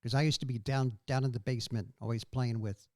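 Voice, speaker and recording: A man in his sixties, a guest on a podcast, telling stories from his childhood in a casual, animated way. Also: medium pitch, quick pace. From New York. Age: 60s. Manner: animated, mimics his mother's voice. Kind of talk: casual storytelling.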